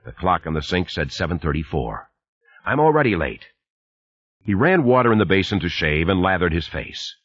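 Male narrator, very low voice, husky, lively, dull dry recording. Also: a little fast, few pauses, no room sound. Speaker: audiobook narrator. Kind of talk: scripted narration.

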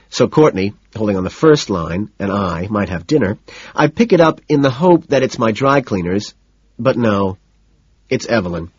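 A man reading a first-person audiobook in a deadpan, matter-of-fact way. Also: on the low side, slightly rough, no room sound. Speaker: audiobook narrator. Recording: dull lo-fi recording.

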